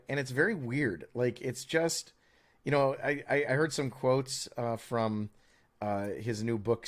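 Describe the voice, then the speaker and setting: A man co-hosting a podcast, in rambling, opinionated chat with many stammered restarts and a sarcastic edge. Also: mid-range voice. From United States. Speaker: podcast co-host.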